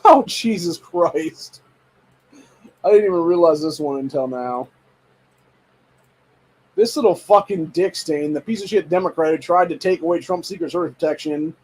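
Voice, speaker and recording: Young guy from ohio cussing and ranting about headlines, kinda raspy voice. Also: on the high side, brisk, a little mellow, rough recording. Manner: profane, heated ranting; reads headlines aloud and reacts. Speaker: podcast host. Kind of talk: casual political commentary.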